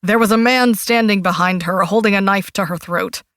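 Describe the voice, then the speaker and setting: In a dry, close audiobook reading, a woman voices a frantic middle-aged husband. He talks loud and high, desperate and defensive, and his voice strains as he pleads. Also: normal speed, no echo, close to an everyday voice. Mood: strained.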